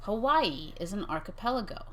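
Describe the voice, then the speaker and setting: A woman's voice: medium pitch, animated, normal speed, slight background noise. A woman illustrator co-hosting a live reading, reading a picture book aloud and teasing her partner with frequent giggles. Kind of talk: casual live-stream reading.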